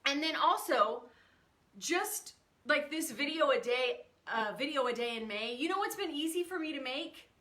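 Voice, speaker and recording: A woman in her thirties talks to her livestream viewers from a room at home, stopping to greet them by name. Her voice sits high and sounds bright and forward, and her talk is open and emotional. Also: expressive, normal speed. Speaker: livestream host. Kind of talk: casual livestream chat.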